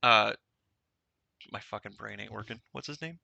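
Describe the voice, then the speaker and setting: A man's voice: on the low side, normal speed, creaky, sharp tone, no echo. A man narrating as game master in a casual, rambling way.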